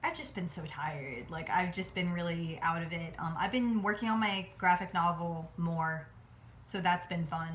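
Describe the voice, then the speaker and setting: A woman's voice: fairly low pitch, normal speed, a bit bright, a little hiss or hum. A young woman from New Jersey chatting casually in a home vlog while cooking, rambling and self-deprecating with lots of "like". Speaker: vlogger. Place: home kitchen near a highway.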